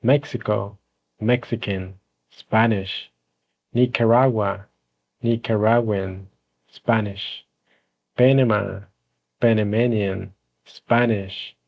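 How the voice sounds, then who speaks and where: A man teaching English, slowly and clearly listing words for learners in a pronunciation drill. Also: on the low side, steady tone, dull audio.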